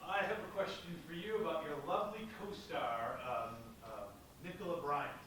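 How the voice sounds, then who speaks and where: A man's voice: on the high side, sing-song, normal speed. An American man from the audience asking a convention panel question, hesitant with fillers. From United States. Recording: very echoey hall from far off, noisy.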